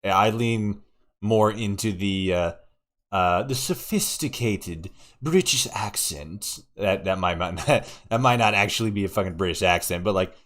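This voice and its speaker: A man's voice: on the low side, fairly even intonation, moderate pace, a bit bright. A young man from Oregon streaming a game, chatting casually, swearing and laughing often. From Oregon, USA. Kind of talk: casual live-stream chat while playing.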